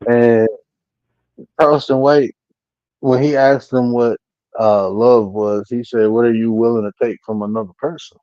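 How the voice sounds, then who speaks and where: A man talking bluntly and profanely from home on a live-stream panel, telling animated stories with laughter. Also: mid-range voice, measured pace, no room sound, highs cut off.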